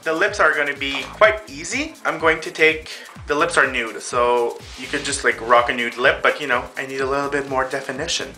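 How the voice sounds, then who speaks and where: A man's voice: medium pitch, a little fast, hardly any pauses, pushed and bright, soft background music. A man hosting a casual makeup tutorial, talking the viewers through each step in a chatty way while he applies the makeup on himself. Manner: chatty, addresses viewers as girls and boys. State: out of breath.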